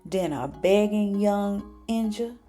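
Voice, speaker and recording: A woman's voice: mid-range voice, takes it slowly, warm tone, soft background music, close to an everyday voice. A woman voicing a vengeful male crime boss who talks in threatening street slang. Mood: menacing.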